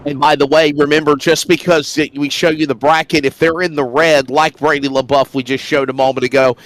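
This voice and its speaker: A man's voice: fairly high pitch, brisk. A man calling a sim race as play-by-play commentator, sounding stuffy while recovering from illness. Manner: energetic, builds to loud race-start calls.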